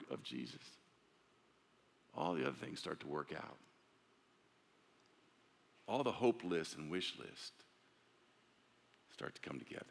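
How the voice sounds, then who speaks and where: Male pastor preaching, low gravelly voice, earnest, echo from the church hall. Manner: earnest, conversational, with restarts and soft drops. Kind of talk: sermon. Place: church sanctuary. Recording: echoey church sanctuary.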